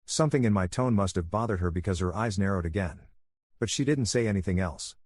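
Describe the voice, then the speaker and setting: A man calmly narrating a first-person story in a soothing, even voice for listeners to fall asleep to. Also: low voice, brisk, no room sound.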